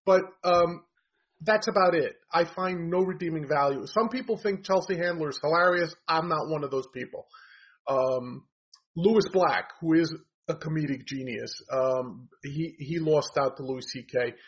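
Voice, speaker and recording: Man, husky and high-pitched, blunt and opinionated, casual talk, dull lo-fi audio. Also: normal speed. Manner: blunt, opinionated, rambling with fillers. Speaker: comedy commentator.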